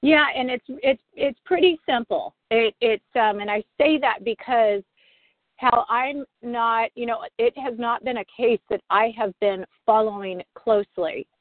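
A woman's voice: fairly high pitch, measured pace, dry recording. A woman rancher calling in as a guest on a radio interview, speaking hesitantly with repeated fillers. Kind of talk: phone-in interview. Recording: tinny phone line, dry.

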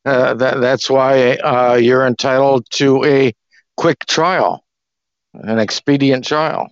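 A man's voice: mid-range voice, fairly even intonation, slow, no echo. Rambling man on a dry call line. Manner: rambling, loose, clears throat. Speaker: discussion group participant. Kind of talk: casual storytelling and explanation. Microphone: call audio. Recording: dry, dull lo-fi call audio.

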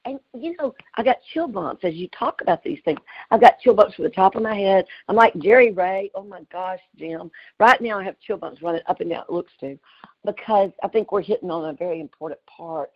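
A woman, telling an animated story with exclamations on a group call. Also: mid-range voice, fairly quick, dull audio. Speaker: community call participant.

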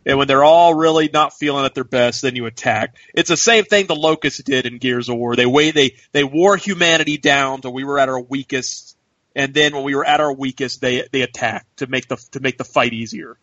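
A man's voice: medium pitch, fairly quick, fairly bright tone, no echo, lo-fi sound. Rambling joking man co-hosting a podcast. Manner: rambling, restarts often, joking. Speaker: podcast co-host. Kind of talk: casual chat.

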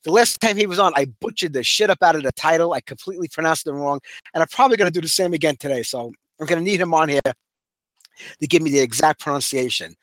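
A man's voice: a little high, fast talker, fairly bright tone, no echo. A man with a Brooklyn accent hosting a radio show in casual, rambling chat full of fillers.

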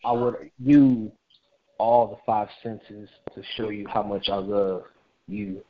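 Low-voiced man reciting a love poem. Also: fairly even intonation, slow pace. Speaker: poet guest. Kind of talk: spoken-word poetry reading. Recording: dull, lo-fi call-in audio.

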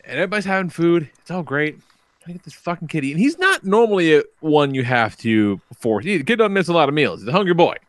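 A young adult man hosting a podcast, telling stories in casual, animated chat with lots of swearing and laughter. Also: fairly high pitch, fast talker, dry recording. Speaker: podcast host.

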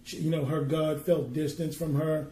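A man who works as a minister, telling a faith story earnestly and reading scripture slowly and with weight. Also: a little high, flat delivery, warm tone, reverberant, a little hiss or hum. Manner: tells a story earnestly, then reads scripture slowly and emphatically. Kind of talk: preaching and storytelling on a podcast.

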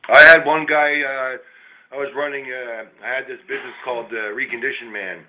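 A man's voice: mid-range voice, fairly even intonation, brisk. A middle-aged man, a small business owner, telling a long rambling story in casual chat, swearing freely. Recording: tinny phone-like line, faint hiss.

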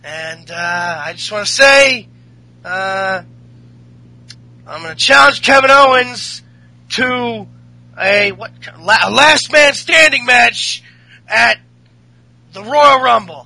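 A man voicing a brash male wrestler who loudly addresses a crowd. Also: very high voice, takes it slowly, gravelly, long pauses, dry recording, pitched above the performer's own voice, full character voice, low-quality recording. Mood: hyped. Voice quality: loud, announcing.

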